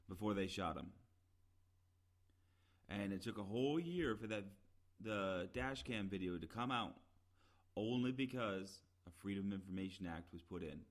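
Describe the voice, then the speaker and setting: A man with a somewhat low voice delivers an opinionated solo commentary. He rambles with plenty of "uh" fillers and restarts. He leans into emphatic, exasperated repetition. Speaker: podcast commentator.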